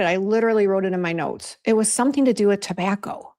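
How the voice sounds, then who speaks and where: A woman's voice: mid-range voice, fast talker, creaky, few pauses, dark tone. A middle-aged woman hosting a casual livestream from her home office, chatty and easily flustered as she talks straight to her viewers. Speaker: skincare formulator hosting a live show.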